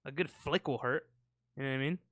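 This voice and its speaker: A man's voice: medium pitch, quick pace, fairly bright tone, dry recording. A man co-hosting a podcast, rambling in casual, profane banter and acting out sound effects. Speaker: podcast co-host. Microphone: close podcast mic.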